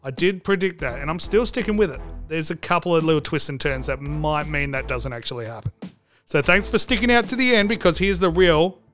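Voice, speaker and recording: A man hosts a comedic podcast in a joking, irreverent way, swearing freely and hamming up bits. His voice sits a little high for a man. Faint music plays underneath. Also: brisk, a bit bright. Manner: joking, irreverent, mock phone call, swears. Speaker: podcast host.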